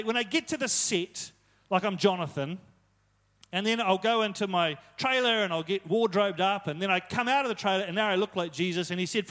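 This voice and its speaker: A man's voice: high-pitched, a bit bright. A young man preaching a casual, conversational sermon, retelling stories with joking asides.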